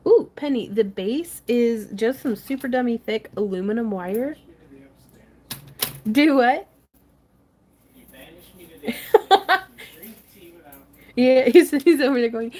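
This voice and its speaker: A woman's voice: fairly high pitch, takes it slowly, pauses often, a little mellow. Chatty crafting woman hosting a livestream. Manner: chatty, laughs often, reads viewer comments aloud. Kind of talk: casual craft tutorial livestream chat.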